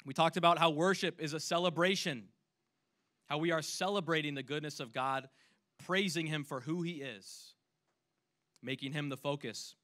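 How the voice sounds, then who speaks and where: Bright-voiced earnest young preacher man. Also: a little high, normal speed. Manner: earnest, swings between hushed and loud emphasis; acts out imagined voices when quoting. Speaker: youth pastor. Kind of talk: sermon.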